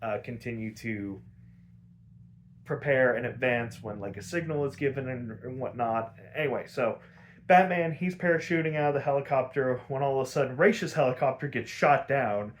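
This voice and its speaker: A man's voice: mid-range voice, normal speed. A man hosting a podcast, casually recapping a cartoon episode in a loose, profane way, laughing often and leaning on filler words. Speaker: podcast host.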